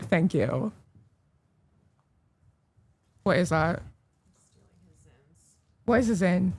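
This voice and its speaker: A young woman chatting casually as a guest on a livestream, teasing and deadpan. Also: on the low side, slow pace, husky. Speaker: stream guest.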